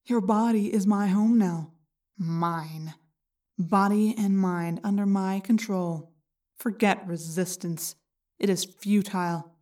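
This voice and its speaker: A woman voicing a cold, sneering male alien parasite in an audiobook, menacing and slow. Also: medium pitch, steady tone, warm tone, far from the mic, natural voice.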